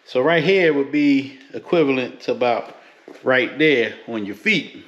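A man's voice: medium pitch, expressive, measured pace, a bit bright. A man from the Philly–New York area talks through a sneaker unboxing in loose, slangy, joking asides. The room is echoey and the sound a bit muffled. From Philadelphia–New York area. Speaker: sneaker reviewer. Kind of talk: casual unboxing vlog.

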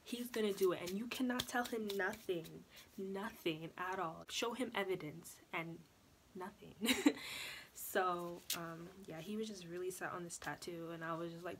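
A young woman talks straight to the camera in a casual storytelling vlog. She is chatty and animated, with lots of "like" and "you know", and her voice sits a little low. A faint hiss of background noise sits under her. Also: normal speed. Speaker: vlogger.

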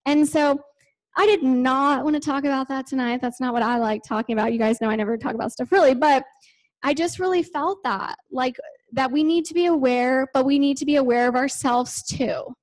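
Woman preacher, high voice, chatty and casual, says like a lot. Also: fairly quick, rough recording. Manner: chatty, lots of "like" and "you know". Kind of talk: conversational sermon. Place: church.

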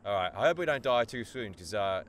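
A man's voice: lowish voice, brisk, slight background noise. A man, a voice actor bantering playfully with strangers during a video game. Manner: playful, excitable banter with loud outbursts. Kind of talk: casual gaming voice chat.

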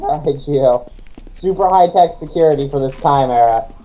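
A man's voice: a little high, normal speed, mellow, poor audio. A man guiding his friends through a co-op game, giving scattered directions. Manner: directive, scattered, laughs often. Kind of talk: casual co-op game chat.

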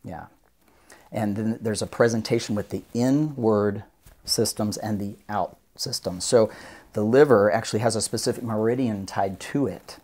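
Mellow-voiced man explaining earnestly. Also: lowish voice, normal speed. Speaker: guest doctor of Oriental medicine. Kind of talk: podcast interview, explaining.

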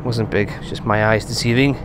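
A man giving casual running commentary while metal detecting on a beach at night, chatting to his finds with excited bursts. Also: lowish voice, a little fast, slight background noise. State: out of breath.

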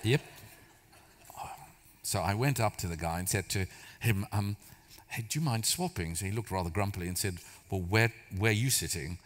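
A man's voice: fairly low pitch, fairly quick. Guy preaching, chatty storytelling, bits of humor, big echoey church hall. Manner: storytelling, conversational, self-deprecating humor. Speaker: church speaker. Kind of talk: sermon. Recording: long hall reverb.

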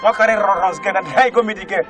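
A male comedian with a Nigerian Pidgin English accent, telling animated comic stories and often breaking into shouted put-on voices. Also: high-pitched, fast talker. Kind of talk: stand-up comedy storytelling. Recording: faint music behind.

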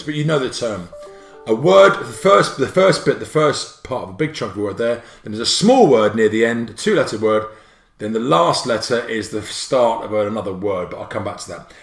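Male teacher, jokey and animated, livestream spelling lesson, roomy echo. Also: medium pitch, gravelly. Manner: bouncy, jokey, playful asides.

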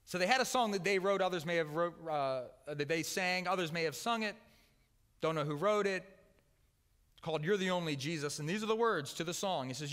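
A man preaching a sermon with earnest emphasis, often dropping to a soft, quiet voice on key words. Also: high-pitched, fairly quick, clean tone, in a large hall. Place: church sanctuary.

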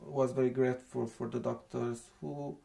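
A young man from Romania with a Romanian accent, speaking in broken English, soft and halting, as he tells a personal account in an interview. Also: medium pitch, level tone, gravelly. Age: young adult.

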